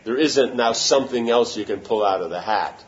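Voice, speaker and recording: Speaking at a normal pace in a medium pitch, a spiritual teacher delivers a casual devotional talk. He keeps it conversational and frequently asks if listeners are following. The audio sounds a little muffled, and faint room noise is present.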